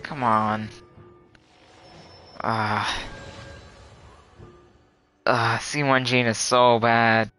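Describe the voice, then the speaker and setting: A young man streaming a game live, chatting casually and groaning loudly when his luck turns bad. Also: medium pitch, level tone, extremely slow, pauses often, soft background music, poor audio.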